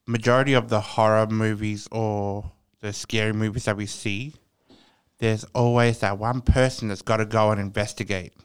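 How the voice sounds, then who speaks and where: A man's voice: on the low side, little pitch movement, normal speed, clean tone. A man in casual podcast chat, reflecting on stories with his co-hosts. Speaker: podcast co-host.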